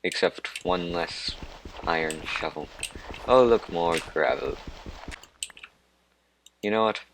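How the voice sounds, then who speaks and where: Male let's-play host, deep and unhurried, wanders off on tangents and pokes fun at himself. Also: lively intonation, noisy background. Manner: rambling, digressive and self-mocking. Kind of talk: gameplay commentary.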